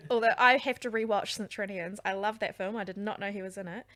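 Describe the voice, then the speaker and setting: A woman's voice: mid-range voice, fairly even intonation, a little fast, fairly bright tone, dry recording. A young woman co-hosting a podcast, bubbly and giggly. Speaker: podcast co-host. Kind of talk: casual chat.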